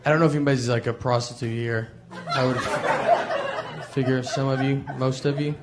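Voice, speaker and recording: A man from Tennessee with a Southern accent, telling a stand-up comedy set in a laid-back, deadpan way with hesitant fillers. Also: medium pitch, fairly quick, heavy background noise. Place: live comedy venue with audience. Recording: echoey live venue with audience laughter.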